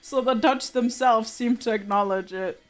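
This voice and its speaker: A woman's voice: on the high side, normal speed. A woman streaming live, chatting casually and laughing often while she mutters to herself over her drawing. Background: soft game music.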